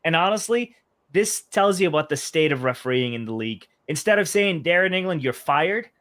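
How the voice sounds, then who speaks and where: A man's voice: fairly high pitch, expressive, fairly quick, a bit bright. A man co-hosting a fan podcast in casual chat, ranting with animation and acting out quotes in mock voices. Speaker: podcast co-host.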